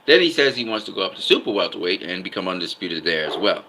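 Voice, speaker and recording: A man's voice: sits low, big pitch swings, fast, background noise. A man giving casual boxing commentary, emphatic, often repeating himself and stopping to ask "okay?".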